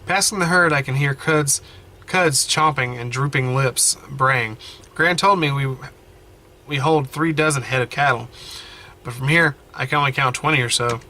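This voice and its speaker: A man playing a story game at home, reading the text aloud with animated running commentary and frequent self-corrections. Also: mid-range voice, moderate pace, slight background noise. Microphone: desk mic, wearing headphones.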